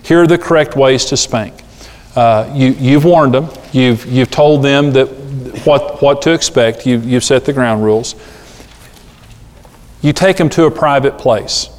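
A middle-aged man preaching a sermon on parenting, animated and acting out the voices he quotes. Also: medium pitch, measured pace. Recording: long hall reverb.

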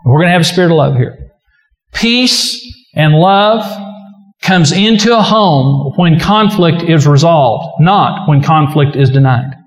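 Male pastor with a fairly high voice, earnest and emphatic sermon delivery, echoey church hall. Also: lively intonation, a little slow. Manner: earnest, emphatic preaching, often acting out prayers. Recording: echoey hall with long reverb.

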